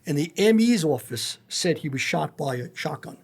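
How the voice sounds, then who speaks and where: A man's voice: fairly high pitch, lively intonation, moderate pace, gravelly, breathy edge. A man, a former federal agent, telling blunt and profane stories full of quoted dialogue as a podcast guest. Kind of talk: storytelling in a casual interview.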